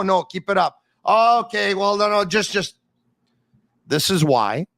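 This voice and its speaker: A man hosting a sports talk podcast, speaking emphatically with dramatic build-ups and quick asides. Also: mid-range voice, fairly bright tone, no echo. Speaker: podcast host.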